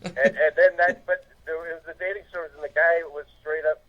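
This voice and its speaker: A man in his forties calling in to a podcast, chatting in a relaxed, easygoing way. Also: on the high side, a little fast. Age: 40s. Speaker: phone-in guest. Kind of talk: casual chat. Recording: dull lo-fi phone line.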